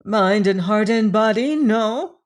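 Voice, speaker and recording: A woman's voice: medium pitch, animated, slow pace, voice pushed up. A woman reader voicing a proud, heartbroken young woman in an audiobook. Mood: pleading. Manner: pleading, then fiercely proud. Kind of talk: audiobook character reading.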